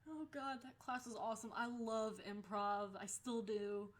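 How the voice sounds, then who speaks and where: A young adult woman talking casually in a storytime vlog. She is animated, swears freely and acts out the lines people said. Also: a little high, normal speed. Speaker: vlogger.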